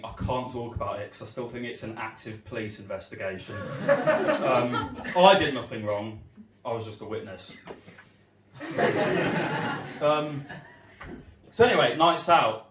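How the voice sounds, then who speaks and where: A man's voice: medium pitch, lively intonation, moderate pace, heavy background noise. A young man, from Leicester, telling a rambling, sweary stand-up story with many ums. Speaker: stand-up comedian. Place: comedy gig room. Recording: roomy echo, heard from far off.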